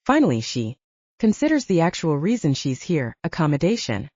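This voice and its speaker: Woman, audiobook narration, expressive, low mellow voice, dry close mic, dull lo-fi sound. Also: moderate pace, no echo.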